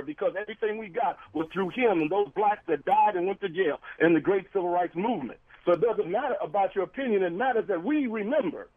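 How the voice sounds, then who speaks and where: A man, a civil rights activist calling in as a radio guest, arguing insistently and repeating his key points. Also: high voice. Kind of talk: heated on-air debate. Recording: tinny phone line into a radio studio.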